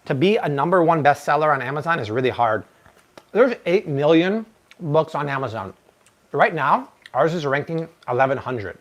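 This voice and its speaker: A man in his thirties hosting a live-stream cooking demo, chatty and energetic, now and then slipping into playful broken Spanish. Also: a little high. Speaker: cooking show host.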